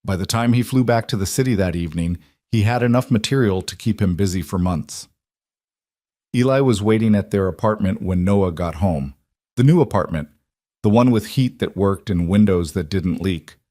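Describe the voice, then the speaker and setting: A man with a low voice narrates a scripted story. He reads at a steady, measured pace, and the sound is close and dry with no room around it. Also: dry recording.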